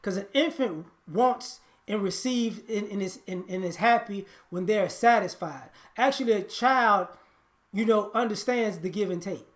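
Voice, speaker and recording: A man's voice: high-pitched, normal speed. A man giving a blunt, preachy monologue on relationships, often repeating and restarting his words. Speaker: relationship commentator.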